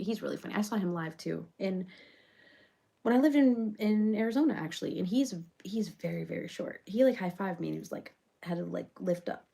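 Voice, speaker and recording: A chatty reality-show personality who rambles from one thought to the next and leans on constant fillers, played by a woman. Her mid-pitched voice has a gravelly fry running through it. The delivery is a loose comedic parody monologue. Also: warm tone.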